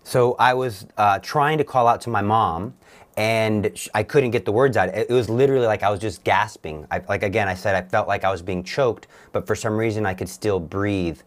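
Young man, low voice, earnest testimony, halting delivery with frequent restarts. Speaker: guest. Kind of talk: personal testimony.

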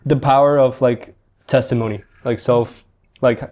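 A man in his twenties hosting a podcast, speaking in a relaxed, halting way with frequent fillers. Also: medium pitch. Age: 20s. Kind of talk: casual podcast chat.

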